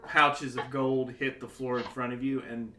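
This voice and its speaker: A man's voice: mid-range voice, flat delivery, normal speed, sharp tone. A man narrating as a game master in a casual way, full of fillers and asides. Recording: echoey home setup.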